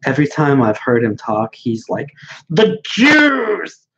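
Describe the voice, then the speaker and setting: A man's voice: medium pitch, moderate pace, dull audio, slight background noise. A man hosting a casual livestream and answering viewer questions in a blunt, dismissive way, rambling with many fillers.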